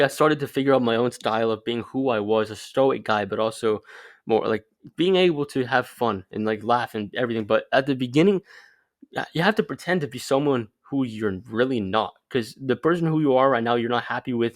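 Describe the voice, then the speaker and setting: A young man giving casual, rambling dating advice straight to camera, filling his talk with "like". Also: medium pitch. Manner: rambling, loose, lots of "like" fillers. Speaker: vlogger.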